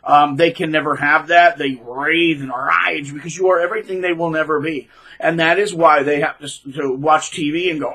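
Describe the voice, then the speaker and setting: A man talks to his audience in a loose, rambling monologue, restarting his sentences and punching words with sudden loud emphasis. His voice sits a little high, with a bright, edgy tone and a husky grain. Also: steady tone, normal speed, rough recording. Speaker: channel host. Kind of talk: casual advice monologue.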